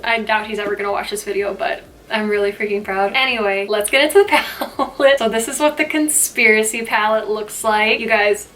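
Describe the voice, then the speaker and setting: A young woman beauty vlogger chatting excitably through a makeup review and tutorial, gushing and making personal asides to her viewers. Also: on the high side, normal speed, slight background noise. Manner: gushing, excitable, says "freaking" a lot.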